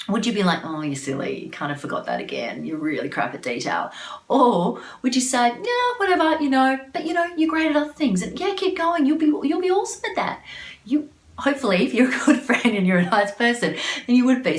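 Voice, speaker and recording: A woman's voice: on the low side, echoey room, recorded from a distance. A woman giving a motivational talk to camera as a confidence coach, upbeat and encouraging, with frequent fillers and restarts.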